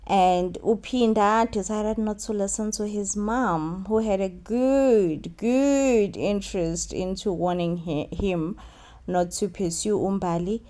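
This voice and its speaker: A woman with a South African accent giving a casual, animated recap of a TV episode, mixing in Zulu phrases and repeating lines for emphasis. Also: mid-range voice, takes it slowly. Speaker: recap host.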